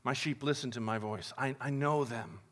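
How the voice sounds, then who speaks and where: Bright-voiced man preaching a casual sermon. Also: mid-range voice, normal speed. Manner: conversational and upbeat, addresses the congregation as guys. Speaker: pastor.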